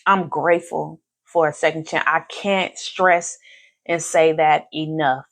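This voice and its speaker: Her voice sits low with a steady, fairly bright tone and a slightly slow pace. As host of a casual live podcast, she's grateful and faith-filled, effusive in her thanks and prone to repeating phrases for emphasis.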